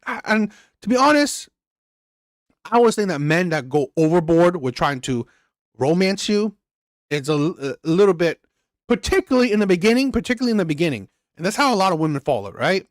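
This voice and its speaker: A man's voice: high-pitched, no echo, studio quality. A man hosting a reaction channel, ranting bluntly and crudely about a played clip. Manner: blunt, crude, repetitive and heated.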